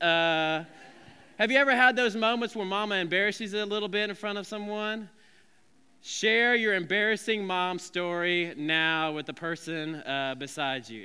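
Bright, clear-voiced male pastor preaching. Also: high voice, moderate pace. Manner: lively, joking, conversational preaching. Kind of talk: sermon. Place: church sanctuary. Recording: long reverb of a large hall.

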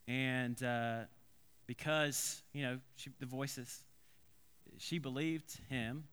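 A man preaching from the pulpit with a crisp, bright voice that sits a bit high. He tells stories in an animated, conversational way, full of asides and restarts. The sound rings with the long reverb of a church hall. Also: slow pace. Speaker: pastor. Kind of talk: storytelling sermon.

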